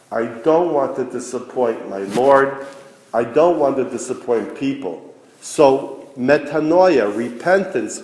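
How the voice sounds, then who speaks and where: A man preaching a sermon as a priest, earnest and deliberate with long pauses. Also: on the high side, darkish tone. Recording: echoey church hall.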